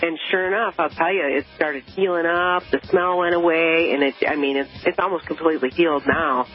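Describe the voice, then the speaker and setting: A woman's voice: deep voice, fairly even intonation, a little fast, faint music behind. A woman caller from Milwaukee, telling a story in a chatty, rambling way on a radio show. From Milwaukee, Wisconsin. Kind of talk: call-in radio talk. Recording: dull radio broadcast sound.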